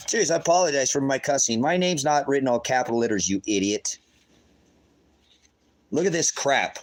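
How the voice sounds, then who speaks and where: Man in a heated livestream rant, reading papers aloud and swearing; mid pitch, light background noise. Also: normal speed, pauses often. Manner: angry, swearing, repeats himself, reads documents aloud. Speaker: livestream host.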